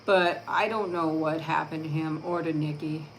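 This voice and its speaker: A woman's voice: low-pitched, steady tone, moderate pace, slight background noise, rough recording. A woman hosting her own channel, chatting casually and affectionately with viewers during a live stream. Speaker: channel host.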